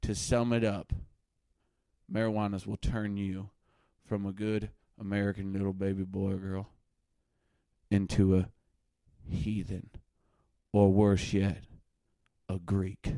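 A man doing a satirical webcast rant, bombastic and erratic, swinging from muttering to shouting. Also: low-pitched, level tone, slow, long pauses, dry recording. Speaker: mock livestream ranter.

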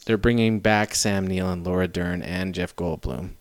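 A man's voice: low-pitched, moderate pace, dry recording. A man hosting a podcast, chatting casually about films and swearing freely. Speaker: podcast host. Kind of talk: casual chat.

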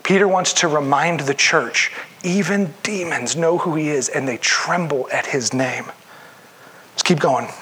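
A man delivering a sermon in a casual, conversational tone. His voice sits a little higher than most men's, and he slips into acted voices whenever he quotes someone. He talks the way a pastor talks to his own congregation. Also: unhurried, pushed and bright, slightly rough.

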